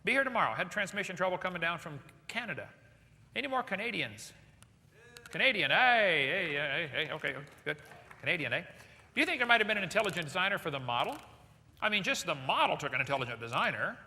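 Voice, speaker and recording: A man's voice: high-pitched, big pitch swings, quick pace, bright, forceful tone. A man giving a live seminar lecture to an audience, firing off rhetorical questions with joking asides. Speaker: seminar speaker. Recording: echoey hall with long reverb.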